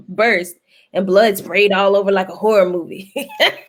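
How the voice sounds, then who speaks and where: A woman hosting a casual panel conversation, speaking in a lilt. She tells stories with animation and laughs often. Her voice sits at an ordinary middle pitch. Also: normal speed. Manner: animated storyteller, laughs often, folksy phrasing. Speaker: guest host.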